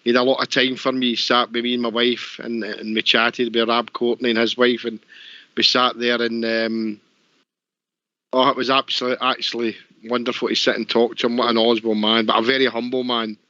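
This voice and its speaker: A Scottish man on a call-in show telling a story, halting and emotional. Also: medium pitch, flat delivery, bright, forceful tone, no room sound. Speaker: show presenter. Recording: dry dull lo-fi stream audio.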